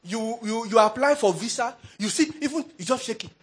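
Animated pastor with a husky voice. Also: male voice, extremely high pitch, fairly quick. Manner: animated, humorous, laughs often. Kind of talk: sermon.

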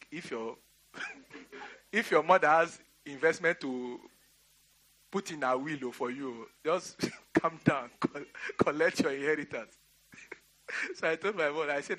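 Giving a sermon with a personal story, this middle-aged Nigerian pastor delivers emphatic commands and laughs his way through an aside. His voice is fairly high and fairly bright, with a slightly rough edge.

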